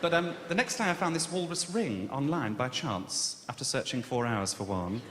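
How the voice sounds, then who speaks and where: Camp, animated English stand-up comic. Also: male voice, mid-range voice, moderate pace, slight background noise. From Birmingham, England. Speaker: stand-up comedian. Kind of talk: stand-up comedy set. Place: comedy club stage. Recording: echoey live room with long reverb. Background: loud audience ambience.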